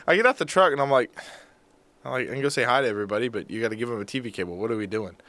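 A young man, a podcast co-host, telling a story in casual chat; animated, acting out quotes and mocking himself. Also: mid-range voice, racing.

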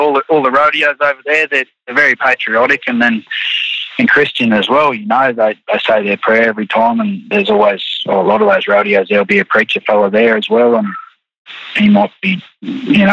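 A man's voice: mid-range voice, gravelly, sharp tone, lo-fi sound. An Australian man, a rodeo rider, chatting in an interview in a laid-back, rambling way full of restarts. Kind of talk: casual interview chat.

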